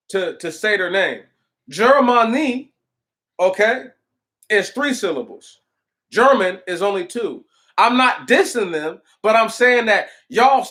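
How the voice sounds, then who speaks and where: High-voiced man ranting on a livestream. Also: fairly bright tone. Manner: emphatic, repetitive, lots of restarts and rhetorical questions. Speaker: livestream host. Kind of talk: casual livestream rant.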